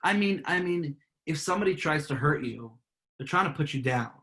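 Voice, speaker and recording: A man being interviewed about his life, talking earnestly and warmly, often repeating and restarting words. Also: a little high, animated, fairly quick, low-quality recording. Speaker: guest, part-time professional clown. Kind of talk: earnest conversational storytelling.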